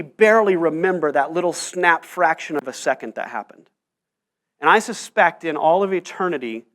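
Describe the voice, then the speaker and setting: A man's voice: fairly high pitch, fairly bright tone. A man around forty, a pastor preaching a sermon, telling stories and checking in with the room with frequent asides. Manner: storytelling with frequent "right?" asides. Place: church.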